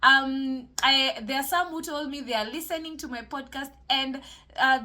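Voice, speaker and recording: A woman's voice: a little high, bright, forceful tone. A woman hosting a solo podcast, talking casually and encouragingly about mental health and faith, with many fillers and restarts. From Kenya.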